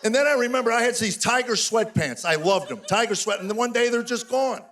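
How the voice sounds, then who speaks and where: An older man doing a stand-up comedy routine on stage, telling stories in an animated, exasperated way. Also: very high voice, a little fast. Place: stage before a live audience.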